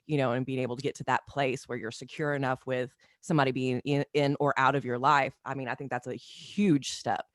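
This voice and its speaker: A woman guest in an interview, speaking earnestly and haltingly, with many pauses and fillers. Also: rumbling low, flat delivery, no room sound, clean studio sound. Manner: earnest, halting, full of you-knows. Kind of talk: candid interview talk.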